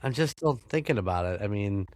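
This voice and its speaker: A man's voice: on the low side, expressive, a little fast, no echo, studio quality. An American man hosting a podcast, chatting casually, swearing freely and laughing often. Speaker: podcast host. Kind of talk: casual chat.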